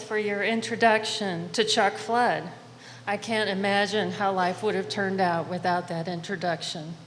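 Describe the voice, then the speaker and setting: A woman's voice: medium pitch, fairly bright tone, a little hiss or hum. A woman in her sixties giving an acceptance speech, grateful and lightly amused. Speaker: award honoree. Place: large event hall. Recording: long hall reverb, faint ambience.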